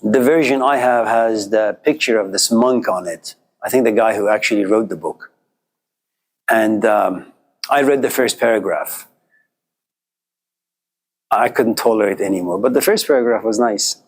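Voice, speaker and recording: A man's voice: fairly low pitch, moderate pace, pauses often. A middle-aged man giving an informal philosophy lecture in a classroom, telling stories and acting out quoted voices in a conversational way.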